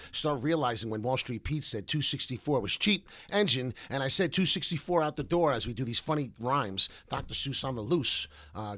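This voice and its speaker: A man's voice: mid-range voice, a bit bright, no room sound. A man hosting a crypto trading livestream, talking in a preachy, rambling way to his viewers. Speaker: crypto trading show host.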